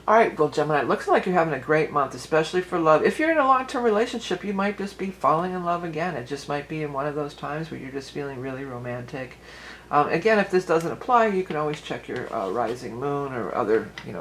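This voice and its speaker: Gravelly, chatty woman reading tarot. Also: sits low, a little hiss or hum, rough recording. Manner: chatty and rambling, often restarting sentences. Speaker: tarot and astrology reader. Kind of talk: casual tarot reading for viewers.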